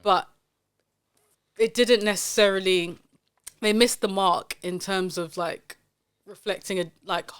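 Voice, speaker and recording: A woman's voice: medium pitch, steady tone, unhurried, pauses often, smooth. A woman hosting a casual podcast chat, talking in an opinionated, emphatic way, with plenty of fillers. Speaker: podcast host.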